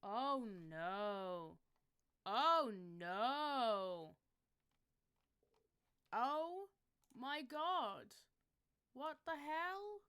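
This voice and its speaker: Bright, excitable woman streaming. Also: high voice, very slow, pauses often, clear, resonant tone. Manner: excitable, swears freely, yelps when frustrated. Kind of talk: casual livestream chat.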